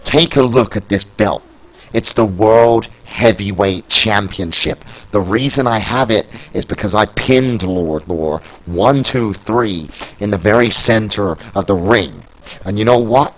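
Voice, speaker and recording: A man reading out the slow, boastful trash talk of a cocky male wrestler in his own low voice. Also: low-quality recording.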